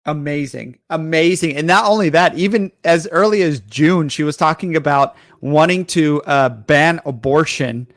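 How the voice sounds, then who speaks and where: A man with a fairly high voice rants scornfully and profanely as a podcast co-host. The sound is dry and close. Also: moderate pace, few pauses, no room sound. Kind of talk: casual political rant.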